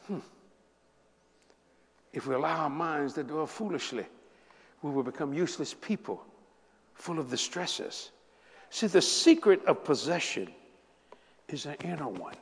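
A man in his seventies preaching a sermon to a congregation, telling humorous stories with lively asides to the people in front of him. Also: on the high side. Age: 70s. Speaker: pastor. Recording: long hall reverb.

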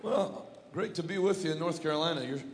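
A man's voice: fairly high pitch, a little fast, background noise. A male evangelist preaching in a church, moving between fervent prayer and casual, joking storytelling. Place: large church hall. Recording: echoey church hall.

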